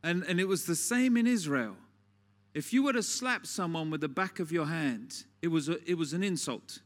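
A man's voice: a little high, animated, moderate pace. A man preaching a sermon in a conversational, storytelling way, often asking the listeners questions.

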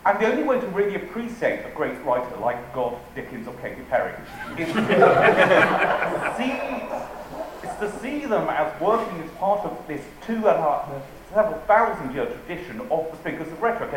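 This English speaker's voice is fairly high and fairly bright, heard with slight background noise in a very echoey hall with faint ambience. He gives a live audience a funny talk on rhetoric, dry and playful in delivery, reading quotes with emphasis.

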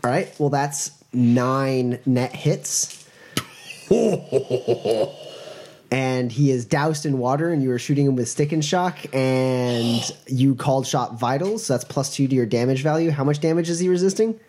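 A man narrating as game master of a tabletop role-playing game, relaxed and chuckling, with many fillers. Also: mid-range voice, measured pace.

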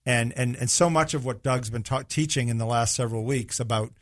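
A man's voice: mid-range voice, fairly quick, no echo, studio quality. A man hosting a casual faith conversation, affirming his guest and talking with frequent fillers.

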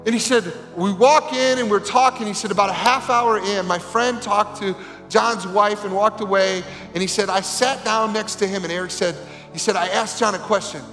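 A male pastor telling a story in a sermon, animated and acting out the voices of the people in it. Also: high voice, normal speed. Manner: animated, acts out quoted voices. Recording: reverberant hall with faint music.

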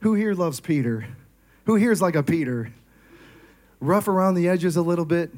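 A male pastor preaching a sermon, energetic and often firing questions at the congregation. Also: fairly high pitch, moderate pace. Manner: energetic, asks the crowd questions.

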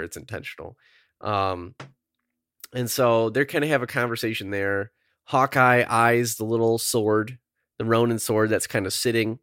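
A man with a lowish voice co-hosts a casual podcast chat. He recaps at length, rambling and full of ums, animated in spots. The sound is dry and close. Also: dry recording. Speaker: podcast co-host.

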